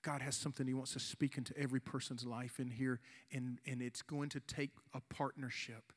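Speaking at a medium pitch with a flat delivery, a youth pastor in his forties preaches earnestly and makes an altar call. He slows for emphasis and pleads with the people in front of him.

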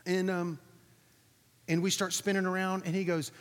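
A man preaching, telling a lively personal story to his audience, acting out what others said, then drawing a lesson from it. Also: high voice, fairly quick. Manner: animated storytelling, acting out quotes, asking the audience. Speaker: pastor. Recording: reverberant hall recording.

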